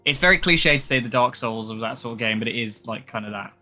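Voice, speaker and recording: A man chatting casually with friends while playing a game, talking in quick bursts with lots of fillers and restarts. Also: medium pitch, sharp tone, soft background music. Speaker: gamer. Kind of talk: casual chat while gaming.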